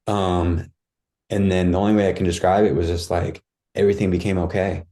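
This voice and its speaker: A man's voice: sits low, flat delivery, brisk, dark tone. A man guest on a podcast, telling a personal story in casual talk, acting out his own cries and thoughts and saying "dude" and "like" a lot.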